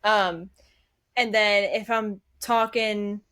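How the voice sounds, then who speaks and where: A woman's voice: medium pitch, steady tone, takes it slowly, fairly bright tone, clean tone, no echo. A woman with a New England accent, a guest in a casual interview, talking chattily with lots of "um" and "like" and frequent giggles. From northeastern US. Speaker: guest cosplayer.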